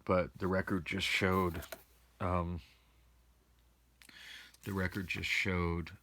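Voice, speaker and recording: Deep creaky dude griping into his phone at home, rambly and worn out. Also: flat delivery, slow, sharp tone, slight background noise. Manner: weary, complaining, meandering with restarts. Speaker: vlogger. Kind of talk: rambling casual monologue. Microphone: phone camera.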